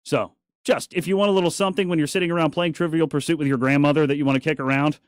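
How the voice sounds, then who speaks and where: A talk radio host in a radio studio delivers a casual monologue, rapid-fire, in a steady voice on the high side, with studio-quality sound and no echo. He's chatty and opinionated, tossing in joking asides.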